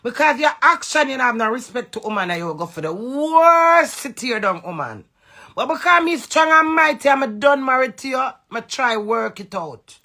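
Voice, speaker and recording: Jamaican lady going off on her husband, cussing, raspy fry and a bright sharp edge. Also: high-pitched, very animated, normal speed. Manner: heated, profane, confrontational. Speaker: social media personality. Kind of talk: angry rant to camera.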